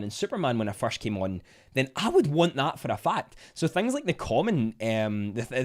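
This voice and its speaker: A Scottish man hosting a casual livestream, chatting to viewers in a rambling way and often restarting his sentences. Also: mid-range voice. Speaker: livestream host reading chat. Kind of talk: casual live chat.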